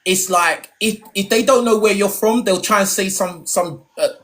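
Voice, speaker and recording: A man's voice: high voice, moderate pace, a bit bright. A man hosting a live online debate, talking in slang and often repeating words. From Nigerian heritage, raised in London. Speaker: debate host.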